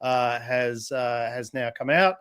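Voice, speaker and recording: A man co-hosts a pop culture podcast, rambling through news with plenty of ums. His tone stays jokey and teasing, at an ordinary middle pitch. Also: slow pace, fairly bright tone, smooth. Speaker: podcast co-host. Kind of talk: casual chat.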